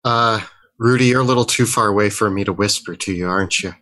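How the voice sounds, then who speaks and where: A man's voice: on the low side, fast, pushed and bright. A man playing a tabletop game, talking casually and thinking aloud with a lot of "like". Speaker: player.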